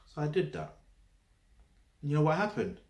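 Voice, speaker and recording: A man's voice: a little high, sing-song, moderate pace. Blunt London man in a roomy echo. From London, England. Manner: blunt, emphatic, peppered with tag questions and swearing. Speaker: vlogger. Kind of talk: casual direct-to-camera talk.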